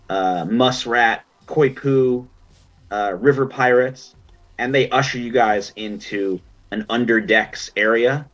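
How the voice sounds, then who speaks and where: A man running a tabletop game as game master, narrating the scene in a relaxed, descriptive, chatty way. The audio is dull and lo-fi. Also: fairly low pitch.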